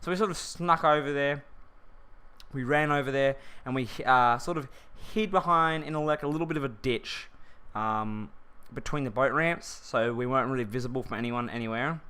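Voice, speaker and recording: Bright, slangy guy telling a story. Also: medium pitch, normal speed, clean tone. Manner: rambling, slangy, many restarts. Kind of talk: casual storytime vlog.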